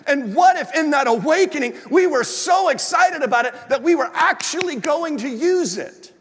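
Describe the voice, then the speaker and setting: A male pastor with a strikingly high voice preaches a sermon at a moderate pace, telling stories animatedly with acted-out asides. A long reverb from the large church hall carries his words.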